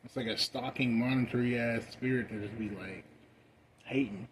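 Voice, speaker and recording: A young man ranting casually while high, profane and rambling, with loud bursts that drop to mumbling. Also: moderate pace, slight background noise. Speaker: vlogger. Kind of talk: casual rant.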